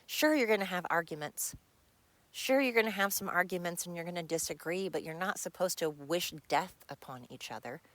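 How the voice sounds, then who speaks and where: Blunt, frustrated woman podcast host, low voice. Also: a little fast, a bit bright, no room sound. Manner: blunt, frustrated, swears freely. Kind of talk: personal monologue. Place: home. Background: dog nearby.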